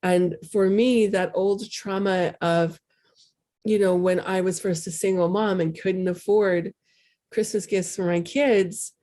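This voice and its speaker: A woman's voice: medium pitch, steady tone, slow pace, dark tone. A middle-aged woman talking candidly in a casual, rambling way as a spiritual coach hosting a show. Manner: candid, rambling, self-deprecating. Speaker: spiritual coach and podcast host. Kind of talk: casual heartfelt talk.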